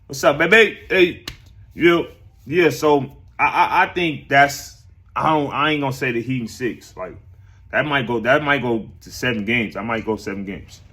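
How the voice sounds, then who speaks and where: A man hosting a laid-back sports talk stream at a medium pitch, not high and not low. He speaks loosely and rambles, circles back on his own phrases and keeps addressing the viewers directly. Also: normal speed, sharp tone. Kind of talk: casual sports talk, reading chat.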